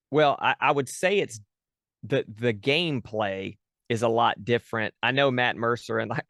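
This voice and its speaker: A man's voice: mid-range voice, fairly bright tone, no echo, studio quality. A man chatting casually as a guest, talking about running his tabletop game podcast, with many fillers and restarts. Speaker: podcast dungeon master, guest. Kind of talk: casual interview chat.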